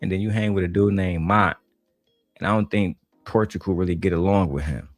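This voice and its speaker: A man from Detroit with a deep, low voice tears into a panel in loose, profane slang. His talk is blunt and trash-talking, recorded dry and close with a faint music bed. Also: fairly even intonation, brisk, no room sound. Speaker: commentator reacting to a panel clip. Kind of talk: profane reaction commentary.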